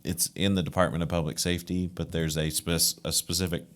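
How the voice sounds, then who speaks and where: A man explaining a self-insured trust calmly to a city council in a meeting. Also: low-pitched, a little fast. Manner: calm explanatory. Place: council chamber.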